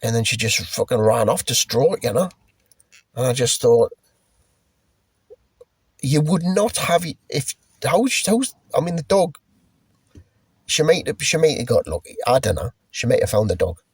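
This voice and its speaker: A man's voice: medium pitch, very animated, measured pace, long pauses, husky, dry recording. A middle-aged man rambling through a casual spoken recollection, swearing freely and restarting his sentences. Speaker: storyteller recalling a past journey.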